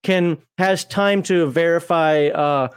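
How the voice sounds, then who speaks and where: Male host with a high voice and a dry, close sound; rambling, jokey stream banter. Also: slow pace, smooth, dry recording. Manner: rambling and joking, chuckling often. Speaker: podcast host. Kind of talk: casual live-stream chat.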